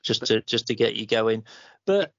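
A man's voice: fairly low pitch, lively intonation, moderate pace, no echo. A man, chatting casually as a podcast co-host, rambling and laughing easily. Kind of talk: casual chat. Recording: dull, dry lo-fi sound.

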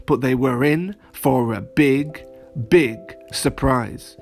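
A man narrating a children's story, animated and playful, speaking straight to young listeners. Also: medium pitch, slow pace, faint music behind.

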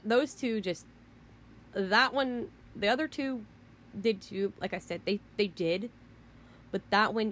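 A woman vlogger delivers an emphatic, rambling rant in a fairly low voice, repeating herself as she goes. There's slight background noise.

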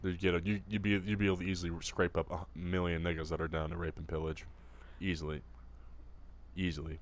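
A man's voice: low-pitched, little pitch movement, quick pace, a little hiss or hum. A man co-hosting a podcast in casual chat, rambling and swearing freely and acting out voices in the stories he tells. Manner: rambling, profane, acts out quoted voices. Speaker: podcast co-host.

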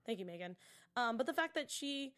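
Chatty woman host, fairly high voice. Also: fairly quick, smooth. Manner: animated and chatty, acting out characters' lines and dropping to whispers for asides. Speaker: TV after-show host. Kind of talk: casual episode recap chat.

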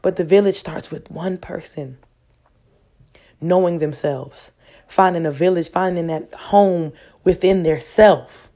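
A woman's voice: on the low side, unhurried, mellow. Woman preaching self-love, emphatic and profane. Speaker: vlogger. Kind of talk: casual motivational monologue.

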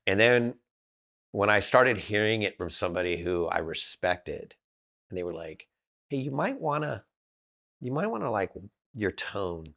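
A man's voice: lowish voice, very animated, unhurried, vocal fry, long pauses, fairly bright tone. A man from Southern California, a podcast guest telling candid stories in a blunt, direct way, often restarting his sentences. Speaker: podcast guest, business founder. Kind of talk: candid casual storytelling.

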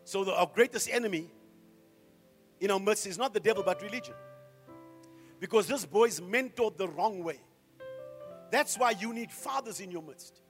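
A middle-aged man preaching a sermon as a pastor, firing off rhetorical questions and swinging from hushed to loud. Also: high voice, normal speed, long pauses, faint music behind.

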